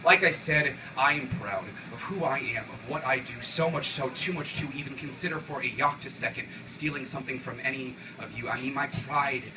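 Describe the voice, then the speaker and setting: A young man performing an intense, rhythmic spoken word poem at a coffee shop open mic, swinging from quiet lines to sudden shouts. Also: medium pitch, a little fast, few pauses, distant mic, music in the background, low-quality recording.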